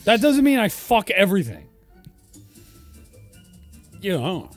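A man's voice: sits high, huge pitch swings, slow, faint music behind. A young man co-hosting a podcast, teasing and mocking in crude casual banter. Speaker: podcast co-host.

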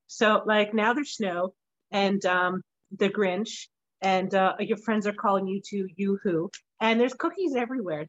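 A woman's voice: mid-range voice, fairly bright tone, highs cut off. A woman hosting a podcast, chatting casually in a playful, joking way and laughing often. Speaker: podcast host.

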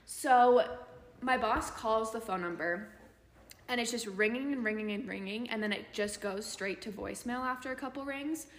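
A young woman co-hosts a podcast, her fairly high voice moving at a normal speed as she tells a story in casual, chatty conversation packed with "like." The recording comes from an echoey room with a long reverb tail.

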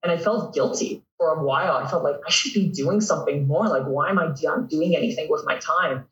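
A young man in his twenties with a Canadian accent, telling stories as a guest in a casual interview, animated and laughing often. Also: fairly high pitch, a little fast, muffled recording. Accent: Canadian English. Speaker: guest, pro volleyball player. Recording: echoey, from a distance.

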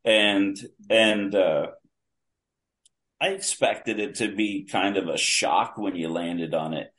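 A man's voice: low voice, takes it slowly, a bit bright. A man, a guest on a podcast, telling detailed stories in a casual way, often restarting his sentences. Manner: vivid, detailed anecdotes with many restarts. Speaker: podcast guest, longtime wrestling fan. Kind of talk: casual storytelling.

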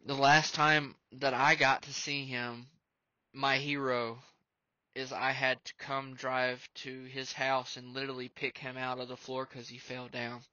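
Male podcast host, casual and earnest, bright tone, dry close sound. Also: medium pitch, level tone, measured pace, no room sound. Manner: earnest, emotional, rambling with fillers. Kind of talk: casual music commentary. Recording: dull lo-fi sound.

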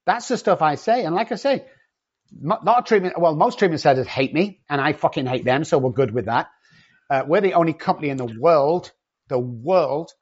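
A man's voice: on the high side, lo-fi sound. A man in a podcast conversation who talks bluntly and swears constantly, cocky and confrontational. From not from England. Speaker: addiction treatment company owner.

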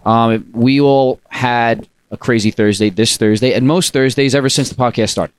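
A man's voice: medium pitch, normal speed, clear, resonant tone. A man hosting a casual podcast, upbeat and rambling, full of fillers and restarts. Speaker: podcast host.

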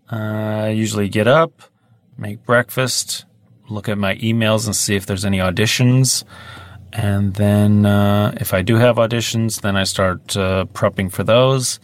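A man's voice: lowish voice, no room sound. Easygoing man in dry studio chat. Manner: easygoing, laughs often, rambling answers. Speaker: voice actor guest. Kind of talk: casual interview chat. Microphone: studio microphone.

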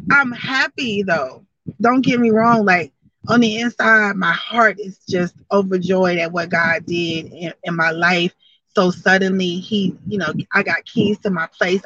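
Woman, forties, candid, emotional, bright forceful voice, dull muffled sound. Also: mid-range voice, no room sound, distant mic. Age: 40s. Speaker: broadcaster. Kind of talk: personal motivational talk.

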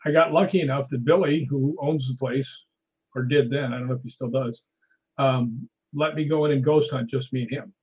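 A man, a guest ghost hunter, telling animated stories in a casual conversation. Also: medium pitch, normal speed, husky, lo-fi sound. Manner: animated anecdotal storyteller.

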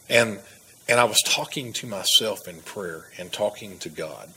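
A man's voice: fairly low pitch, a little slow, sharp tone, slight background noise, low-quality recording. A man from Texas, earnestly telling his personal testimony as a guest. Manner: earnest storytelling with laughs and restarts.

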